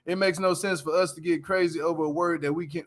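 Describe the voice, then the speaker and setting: A man's voice: on the high side, fairly even intonation, fast talker. A man hosting a casual commentary show, ranting bluntly and with a lot of swearing while speaking straight to his viewers. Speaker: commentary channel host.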